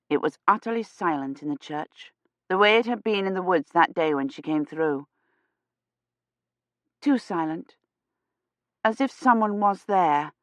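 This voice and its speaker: A woman narrating an audiobook in a hushed, suspenseful storytelling manner. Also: lowish voice, no room sound. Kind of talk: scripted narration.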